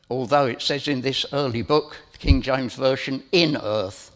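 A man's voice: medium pitch, moderate pace, hardly any pauses, a bit bright. A middle-aged man giving an informal sermon as preacher, telling a family story in a chatty way with asides to his listeners.

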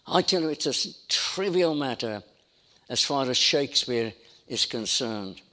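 A man's voice: mid-range voice, lively intonation, measured pace, pushed and bright. A man preaching a sermon in an emphatic style, building his points through repetition. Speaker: pastor.

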